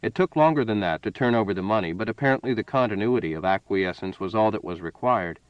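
A man narrating a story in a measured, even reading style. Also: on the low side, clear, resonant tone, no echo. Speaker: audiobook narrator. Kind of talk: scripted narration. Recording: dull dry lo-fi recording.

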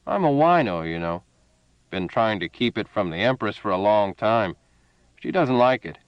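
A man's voice: fairly low pitch, animated, normal speed, clean tone, dry recording, highs cut off, close to an everyday voice. A man voicing a drunken, boastful older army colonel who talks in a slurred, blustering way.

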